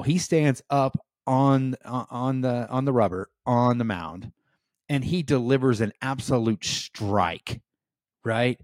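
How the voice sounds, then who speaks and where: A man's voice: mid-range voice, no echo, studio quality. An American man hosting a leadership podcast, speaking earnestly with frequent "um" and "right?" and rising emphasis. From United States. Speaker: podcast host. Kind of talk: reflective solo podcast talk.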